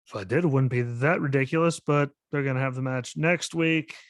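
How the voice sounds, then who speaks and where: A man hosts his own podcast and rants into a close, dry mic. He sounds skeptical and exasperated, sprinkling "like" and "literally" through his talk, and his voice sits at an ordinary middle pitch for a man. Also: a little fast, no room sound. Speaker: podcast host. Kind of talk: solo wrestling commentary podcast.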